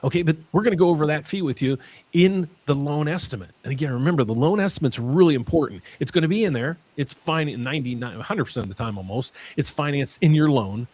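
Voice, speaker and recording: A man hosting a mortgage Q&A stream, talking in an excitable way and often repeating his words. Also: on the high side, fast talker, no echo. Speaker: mortgage lender host.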